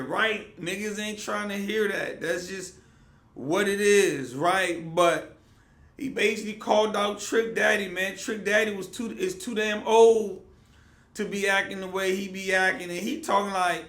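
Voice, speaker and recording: A man's voice: high-pitched, fairly bright tone, reverberant. A man giving casual reaction commentary in a laid-back, conversational way with loose slang. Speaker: commentary vlogger.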